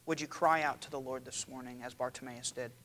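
A man preaching a sermon to his church, dramatic and building to loud cries. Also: mid-range voice, steady tone, brisk. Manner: dramatic, rising to loud cries when quoting. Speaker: pastor.

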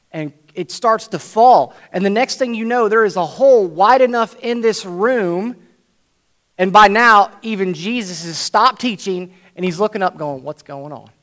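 Male preacher with a high voice, animated storytelling sermon that acts out each scene. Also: a little slow.

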